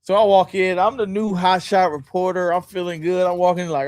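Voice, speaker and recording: A man, a sports columnist telling a story in casual chat, animated and laughing as he acts out quotes. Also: high voice, fairly quick, few pauses.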